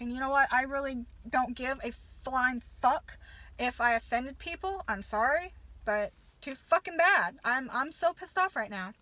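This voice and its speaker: Southern-born woman vlogger, heated rant, high pitch, dry recording. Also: big pitch swings, bright, forceful tone, no echo. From American South. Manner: heated, swearing, halting restarts. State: upset. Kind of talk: angry rant to camera.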